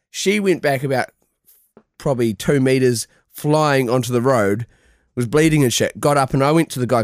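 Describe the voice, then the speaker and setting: A man's voice: mid-range voice, no room sound, studio quality. A man co-hosting a casual podcast over drinks, giggling and rambling through a story. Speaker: podcast co-host. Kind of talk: casual drunk banter.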